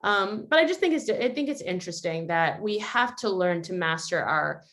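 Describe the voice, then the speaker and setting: A woman's voice: fairly low pitch, animated, moderate pace, a bit bright. A woman hosting a family video call, talking earnestly and reflectively, and sometimes acting out quotes. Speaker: host. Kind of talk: casual reflective talk.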